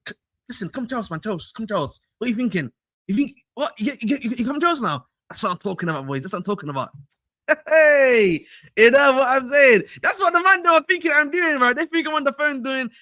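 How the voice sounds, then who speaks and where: Young man, excitable livestream host, high voice. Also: fast talker, no room sound, clean studio sound. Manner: slangy, excitable, chatty with chat. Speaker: fan channel livestreamer. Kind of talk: casual livestream chat.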